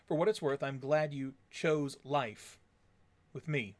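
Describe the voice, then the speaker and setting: A man's voice: medium pitch, takes it slowly, natural voice. A man voicing an affectionate, teasing middle-aged wife. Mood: fond.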